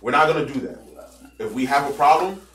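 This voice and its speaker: A man's voice: mid-range voice, expressive, a little fast, fairly bright tone. A man co-hosting a podcast, telling a workplace story in casual chat, swearing and acting out what people said. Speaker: podcast host. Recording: roomy sound from a distant mic.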